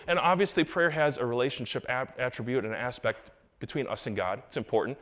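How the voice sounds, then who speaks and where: A man's voice: mid-range voice, expressive, brisk, fairly bright tone. A young adult man preaching a sermon in a church sanctuary, in a conversational way that breaks into emphatic rises. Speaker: pastor.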